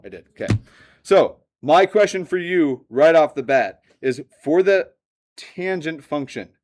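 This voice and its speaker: A man teaching a math lesson to a classroom, lively and joking, often asking the students questions. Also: medium pitch. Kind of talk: classroom lecture.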